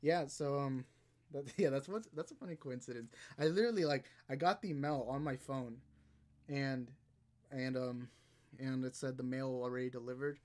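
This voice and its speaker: A young livestream host with a medium-pitched, darkish voice chats casually at a moderate pace, rambling and reading viewer comments aloud. He sounds out of breath.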